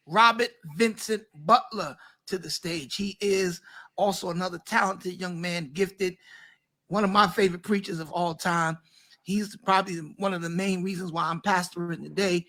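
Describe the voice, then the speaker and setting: Give me a pastor hosting a lively online talk show. He's a man with a high, ringing voice and a sharp, forward tone. He introduces guests with enthusiastic praise and casual slang.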